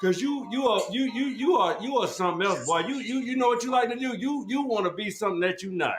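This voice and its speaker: A man hosting a podcast, loudly mocking someone on a group call and repeating his insults over and over. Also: high-pitched, animated, fast, reverberant. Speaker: podcast host. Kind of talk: heated argument on a group call.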